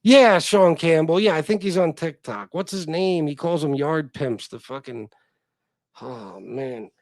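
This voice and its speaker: A man's voice: a little high, measured pace, darkish tone, no room sound. A man hosting a livestream, chatting casually with viewers in a rambling, profane way. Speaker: livestream host. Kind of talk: casual chat.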